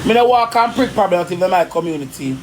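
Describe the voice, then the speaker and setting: A woman with a Jamaican accent, ranting indignantly in rapid patois on a live stream. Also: lowish voice, animated, over loud music. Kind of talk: heated live-stream rant.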